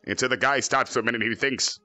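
A man doing a cocky, bright-voiced villain. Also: medium pitch, quick pace, no echo, faint music behind. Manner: boastful, crude, joking. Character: cocky arrogant male android villain, gamer. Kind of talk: fan parody voice acting.

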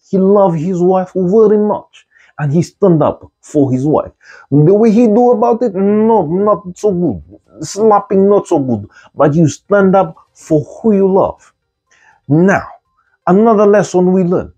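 A man with a high, husky voice gives a comic monologue in plain broken English. He keeps repeating the key words, and his tone stays warm and soft. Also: expressive, unhurried. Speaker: comic commentator.

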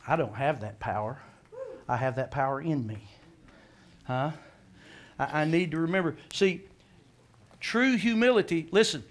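A man preaching a sermon as pastor, animated, acting out scripture voices and asking the congregation questions. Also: on the high side.

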